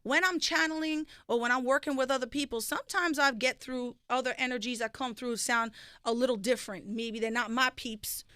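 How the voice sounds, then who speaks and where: Casting: bright, slightly high woman, streetwise and animated, dry studio sound. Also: brisk, clear, resonant tone, no room sound. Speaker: psychic medium guest. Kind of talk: casual radio chat. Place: radio studio.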